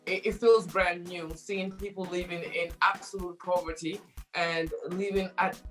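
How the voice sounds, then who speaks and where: A woman co-hosts a casual talk show in a playful, teasing way. Her voice sits a little low. Soft music is faintly heard behind her. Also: steady tone, normal speed. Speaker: co-host.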